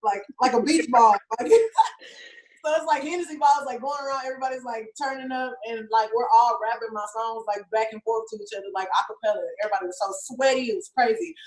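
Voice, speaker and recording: In a relaxed interview, a young female rapper laughs a lot and fills her speech with "like." She talks a little fast in a slightly high voice, and the room gives the audio an echo.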